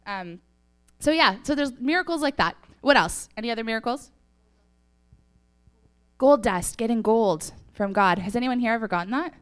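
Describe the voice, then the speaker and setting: A woman's voice: mid-range voice, smooth. A young woman giving a casual testimony to a church audience, telling stories chattily with laughs and fillers, a little sniffly. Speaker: church speaker.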